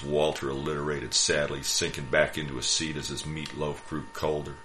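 Man narrator, extremely deep voice, wry storyteller, light hum in the background. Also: fairly even intonation, moderate pace, gravelly, few pauses, pushed and bright. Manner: wry, dry humor. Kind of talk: first-person story reading.

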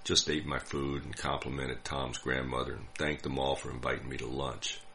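An older man from the United States telling a personal story in a dry, wry, unhurried way. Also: a bass voice, monotone, vocal fry, bright, forceful tone, a little hiss or hum. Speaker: narrator. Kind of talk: scripted storytelling.

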